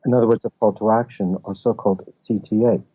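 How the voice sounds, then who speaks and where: A man with a low, husky voice talks through his ideas in an easy interview manner, stopping often for small anecdotes. His voice comes over a thin, tinny line that sounds like a phone. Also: fairly even intonation, quick pace. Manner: explanatory, tells anecdotes. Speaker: guest, film festival founder. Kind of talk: casual interview chat. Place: office.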